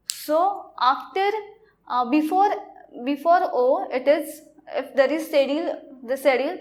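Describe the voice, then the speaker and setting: A woman teaching a French lesson in a video lecture, halting and repetitive, often saying "okay". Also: high voice. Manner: halting, repeats words, says "okay" often.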